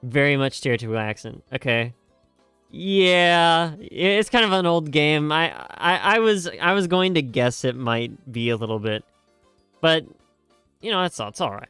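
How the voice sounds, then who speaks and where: Rambling young male streamer, smooth voice. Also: on the high side, expressive, normal speed, bright, forceful tone, no room sound, faint music behind. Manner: rambling, jokey, self-mocking, many fillers and restarts. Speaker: streamer reacting to game music. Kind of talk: casual live-stream chat.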